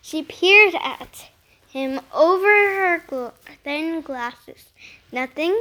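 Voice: extremely high pitch, lively intonation, drawn-out words, pushed and bright. A child reading a chapter of a storybook aloud, carefully and steadily, with a few small slips. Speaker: reader.

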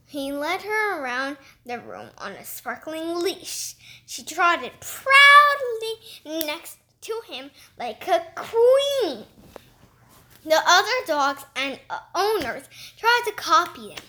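A woman reading a children's story aloud in an expressive, lively way. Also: very high-pitched, takes it slowly. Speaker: storybook reader.

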